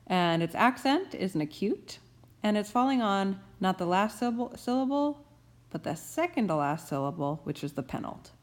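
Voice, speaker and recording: A young adult woman teaching grammar rules, stressing key terms slowly and deliberately. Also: mid-range voice, animated.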